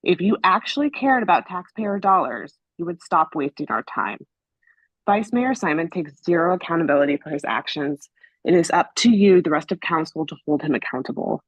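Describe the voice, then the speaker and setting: A woman's voice: on the low side, animated, normal speed, slightly rough, no room sound. A woman giving an angry, pointed public comment by remote call at a council meeting. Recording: muffled remote call audio.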